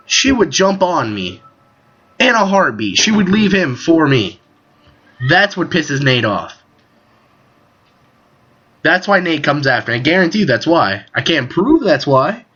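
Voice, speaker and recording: A man hosting a casual podcast, telling a story in a profane, animated way over an internet call. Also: fairly high pitch, muffled recording. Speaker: podcast host. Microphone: Skype call recording.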